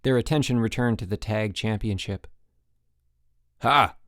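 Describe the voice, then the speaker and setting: Male audiobook narrator; expressive storyteller, dry studio read. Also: mid-range voice, moderate pace, no room sound. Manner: lively storytelling. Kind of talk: scripted narration.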